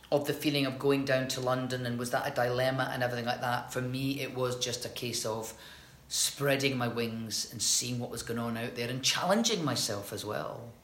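Scottish actress, middle-aged, animated raconteur with lots of restarts, heard in a roomy space. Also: female voice, rumbling low, moderate pace. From Scotland. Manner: chatty, animated storytelling with many restarts. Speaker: actress guest. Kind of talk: casual interview chat. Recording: roomy echoey recording.

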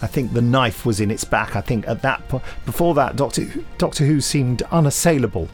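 A man's voice: medium pitch, brisk, soft background music. A man hosting a podcast, chatting casually with dry, teasing humour and rambling asides. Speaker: podcast host. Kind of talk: casual chat.

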